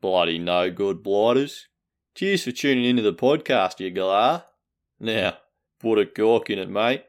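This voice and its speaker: A man's voice: fairly low pitch, lively intonation, measured pace. A man playing a brash, boastful Australian bloke with a broad Australian accent in a comic podcast intro. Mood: cheeky. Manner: boastful and rough-spoken, full of slang.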